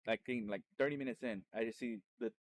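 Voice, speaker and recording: Man, streamer, casual storytelling, mid-pitched voice, restarts and self-corrections. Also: fast talker. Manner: animated when retelling excited moments. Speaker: streamer and podcast host.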